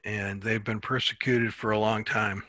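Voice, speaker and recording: A man teaching a Bible class in a relaxed, halting way, often repeating words as he thinks. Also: on the low side, no echo.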